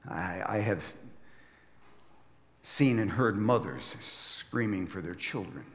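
A man's voice: deep voice, expressive, slow pace, big-room sound, exaggerated voice. A man playing Isaiah, a weary old prophet. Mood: solemn. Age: 70s. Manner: grave, reflective monologue with wry asides. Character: aged male prophet, weary and burdened. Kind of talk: dramatic first-person sermon monologue.

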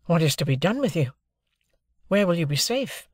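A man voicing a fearful, strained young gentleman who asks tense, pleading questions. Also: a little high, very animated, normal speed, dry recording, clean studio sound, voice pushed up. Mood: anxious.

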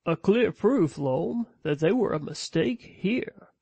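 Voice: mid-range voice, animated, slow pace, gravelly, dark tone, breathy edge, no echo, exaggerated voice. A reader playing a priggish young aristocrat who scolds his mother.

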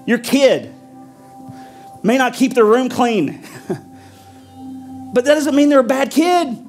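A pastor preaching a sermon with an emphatic, repetitive cadence, then leading a prayer. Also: male voice, very high voice, animated, slow pace, a little mellow, soft background music.

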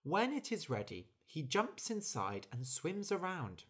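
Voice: mid-range voice, huge pitch swings, unhurried, husky, pitched above the performer's own voice, heavily acted. A storyteller voicing a tired, hard-working female bird who complains about doing too much work. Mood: explaining. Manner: indignant, complaining.

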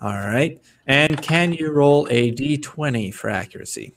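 A man running a tabletop role-playing game as game master, narrating the scene with lively storytelling. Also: mid-range voice, a little slow, recorded from a distance, a little hiss or hum. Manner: lively storytelling, slipping into character voices.

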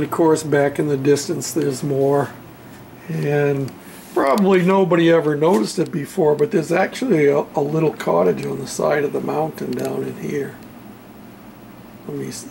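A man in his home hobby workshop, casually showing his model railroad backdrop in an unhurried, halting way with lots of fillers. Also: on the high side, vocal fry, darkish tone, slight background noise. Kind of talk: casual show-and-tell.

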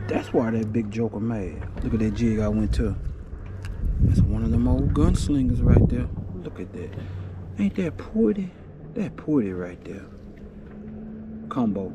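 A man giving lively, excited commentary while fishing from a boat and talking to the fish. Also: medium pitch. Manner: lively, talks to the fish and viewers. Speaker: fishing vlogger. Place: outdoors on the water, in a boat. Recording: noisy outdoor phone recording.

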